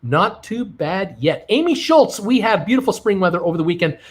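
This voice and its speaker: A middle-aged man with a slightly higher-than-usual voice hosts a casual live stream. He reads viewer comments aloud one after another and answers them with quick, chatty asides. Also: animated, slightly rough. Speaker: livestream host reading viewer chat.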